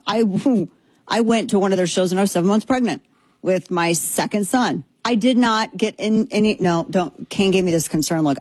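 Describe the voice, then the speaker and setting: Speaking into a headset mic with no room sound, a thirtysomething Texas woman runs a laid-back opinion show. Her pitch is fairly low, and she's lively and sarcastic, driving points home by saying them again.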